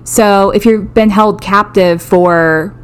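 A woman co-hosting a podcast, explaining a topic in casual, measured steps with dry jokes. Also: mid-range voice, fairly even intonation, clear, resonant tone. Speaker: podcast co-host.

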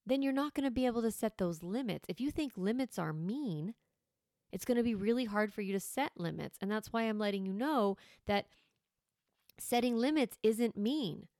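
Parenting coach lady, 30s, gravelly low-fry voice, chatty, dry close sound. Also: animated, normal speed, no room sound. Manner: warm conversational, acts out firm voices in quotes. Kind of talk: casual talk to listeners.

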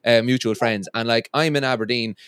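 A man's voice: mid-range voice, fairly even intonation, fairly bright tone, clean tone, dry recording. Chatty Irish man, dry close sound. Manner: chatty, stumbling restarts, quick Irish slang. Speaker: podcast host and music teacher. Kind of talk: casual chat.

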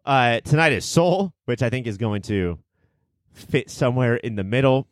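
A man's voice: mid-range voice, expressive, normal speed, dry recording, studio quality. A man hosting a casual movie podcast, boisterous and theatrical, swearing freely as he riffs. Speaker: podcast host.

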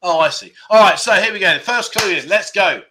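A middle-aged man hosts a laid-back livestream, chatting and joking with his viewers. His voice sits a little high and comes across bright and forward. He laughs easily as he rambles through stories and comments. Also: brisk. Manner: chatty, jokey storyteller, laughs often. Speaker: livestream host. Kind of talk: casual chat reading viewer comments.

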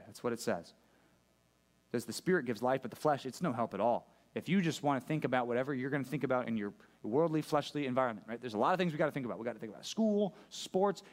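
A male pastor preaching a sermon to a church congregation, talking conversationally and often checking in with his listeners. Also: medium pitch. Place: church service.

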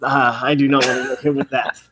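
A man's voice: medium pitch, flat delivery, quick pace, fairly bright tone, a little hiss or hum. A man in a casual podcast chat, talking loosely and jokingly with lots of "like". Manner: loose, joking, heavy use of "like".

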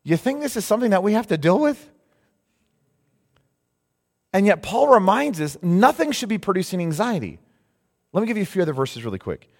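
A man preaching a sermon as pastor, lively and animated, rising into loud mock cries of alarm now and then. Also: high-pitched, a little fast, long pauses. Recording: long hall reverb.

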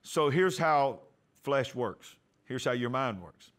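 A man pastor giving a testimony sermon, storytelling and acting out the dialogue, going soft and quiet for prayers. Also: mid-range voice, expressive, slow pace. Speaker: pastor and TV host.

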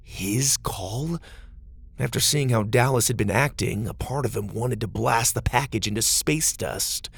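A man narrating a children's story in a gentle, steady storytelling manner. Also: mid-range voice, a little slow, gravelly, breathy edge, no echo.

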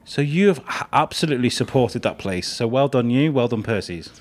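A man's voice: medium pitch, expressive, fairly quick, slight background noise. A man, hosting a podcast and chatting with guests backstage at an awards night. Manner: chatty, laughing, eager. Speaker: podcast host interviewing backstage. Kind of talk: casual backstage interview. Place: backstage at a theatre event.

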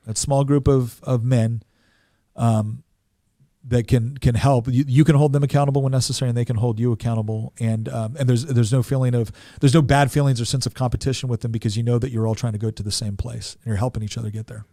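A man's voice: medium pitch, fairly even intonation, fast talker, mellow, dry recording, clean studio sound. A man in his forties, a podcast guest, telling a personal story in an earnest way, often repeating words as he goes.

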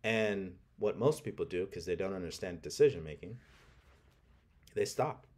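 A man's voice: low-pitched, animated, normal speed, a little mellow. A man hosting a podcast, giving an emphatic motivational talk with a coaching tone. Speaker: podcast host.

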